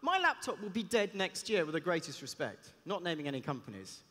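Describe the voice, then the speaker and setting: A man, a cellist giving a lively talk on stage, chatty and joking in asides. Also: a little high, fairly quick. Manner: chatty, self-deprecating, jokey asides. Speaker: conference speaker and cellist. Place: large hall on stage. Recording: long reverb of a big hall.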